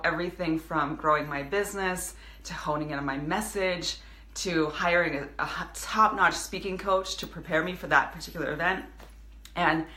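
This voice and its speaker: A woman's voice: deep voice, pushed and bright, roomy sound. A woman in her thirties, a business coach speaking earnestly to her viewers in a live video, with many restarts. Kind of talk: casual motivational live video.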